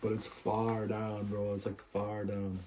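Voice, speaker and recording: A man's voice: lowish voice, completely flat delivery, measured pace, a little hiss or hum. A young man freestyle rapping and rambling over guitar, loose and crude, laughing often. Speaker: musician streamer. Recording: loud guitar under the voice.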